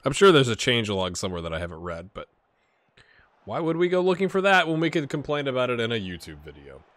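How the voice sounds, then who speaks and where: A man casually commentating a football management game, rambling and questioning himself, with sudden bursts of excitement. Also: medium pitch, fast talker, no echo. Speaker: gaming YouTuber.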